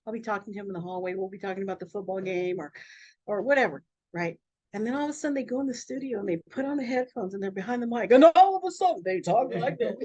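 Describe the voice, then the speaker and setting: A woman who is a radio host, talking in a free-flowing, emphatic, animated way in a casual interview. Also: on the high side, no room sound, rough recording. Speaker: radio host and network owner.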